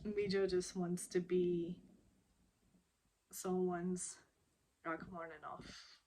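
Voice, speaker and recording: A woman's voice: on the low side, very slow, slight background noise. A woman casually recapping a television drama episode, chatty and laughing often. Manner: chatty, laughs often, animated when quoting characters.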